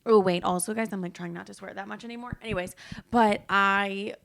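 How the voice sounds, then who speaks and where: A young woman hosting her own podcast in casual solo chat, tired, talking fast and swearing freely as she acts out the people she quotes. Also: medium pitch, fairly even intonation, gravelly, a bit bright. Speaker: podcast host.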